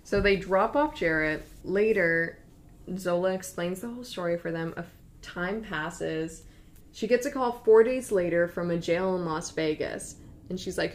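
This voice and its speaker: A young woman casually retelling a true story to a friend, acting out the quoted lines in livelier, higher voices. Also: moderate pace. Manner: lively, acts out quoted lines with raised pitch.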